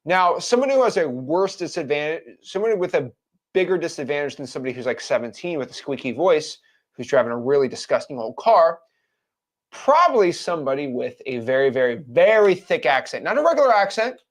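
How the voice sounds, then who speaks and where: A man's voice: fairly high pitch, big pitch swings, a little fast. A man in his twenties giving a blunt, frank motivational talk to camera as a real estate wholesaling coach. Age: 20s.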